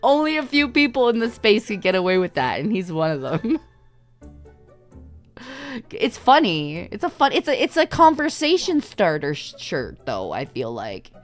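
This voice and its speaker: A woman streamer from Canada telling stories in casual livestream chat, animated, laughing often and swearing freely. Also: mid-range voice, moderate pace, faint music behind. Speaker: VTuber streamer.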